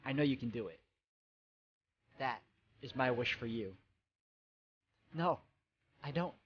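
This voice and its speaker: A man reads game dialogue aloud in an ordinary mid-pitched voice. His delivery is soft and hesitant, and it carries a lot of emotion. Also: moderate pace, slightly rough, lo-fi sound. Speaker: game walkthrough narrator.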